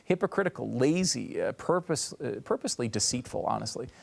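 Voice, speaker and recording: A man's voice: medium pitch, animated, brisk, gravelly. A male host giving wry live panel commentary and wrapping up the show with promos. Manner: wry and talkative, wraps up with promos.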